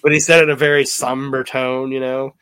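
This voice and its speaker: A man hosts a casual podcast, talking through an old wrestling event. His voice is bright and forceful, recorded dry and close. He rambles, swears, and slips into the voices of the people he quotes. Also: medium pitch, brisk, smooth, no echo. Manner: rambling, profane, animated retelling with quoted voices. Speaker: podcast host. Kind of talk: casual wrestling recap chat.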